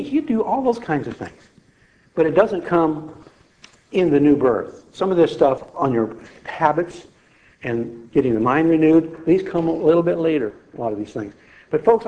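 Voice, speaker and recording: A man's voice: a little high, darkish tone. Middle-aged male preacher, plain conversational testimony style, slightly dull lo-fi recording. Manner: folksy, conversational, addresses the congregation. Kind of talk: sermon with personal testimony.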